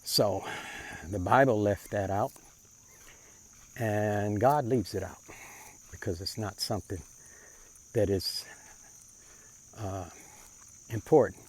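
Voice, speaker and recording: A man with a fairly low voice delivers a preacher-like monologue on faith and social issues. He speaks plainly with informal grammar, taking his time and circling back to rephrase his points. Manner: unhurried, repeats and rephrases himself. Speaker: self-described prophet giving commentary.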